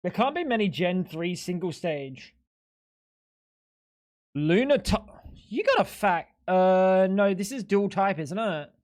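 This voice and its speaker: A live streamer giving casual, excitable gaming commentary to chat, swearing often and mocking their own mistakes. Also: medium pitch, slow, pauses often. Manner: excitable, profane, self-mocking banter.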